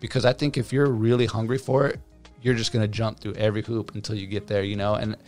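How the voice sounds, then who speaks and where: A tattoo artist guest in his thirties tells his story casually, speaking fast at a fairly low pitch with faint music behind him. He's an animated storyteller who acts out what people said and uses many fillers.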